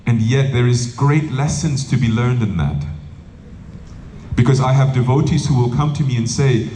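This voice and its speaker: A man's voice: medium pitch, normal speed, mellow, a little hiss or hum. A man who is a monk and spiritual teacher, giving a humorous talk full of anecdotes and acted-out quotes. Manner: humorous storytelling, acting out quotes. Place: live event hall. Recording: roomy echo, faint background ambience.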